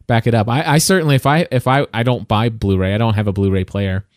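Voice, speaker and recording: A man's voice: on the low side, fairly even intonation, quick pace, no room sound, clean studio sound. Rambling male tech podcast co-host. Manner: rambling, self-interrupting, playful. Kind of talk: casual tech podcast chat.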